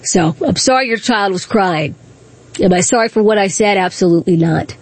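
A woman's voice: mid-range voice, normal speed, husky, no echo. A woman hosting talk radio, speaking in a combative, indignant way with repeated rhetorical questions.

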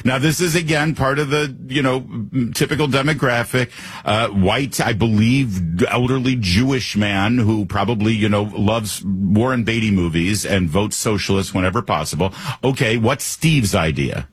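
A male talk radio host with a low, husky voice who gives lively, mocking commentary. The sound is dry and close to the mic. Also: moderate pace, no room sound.

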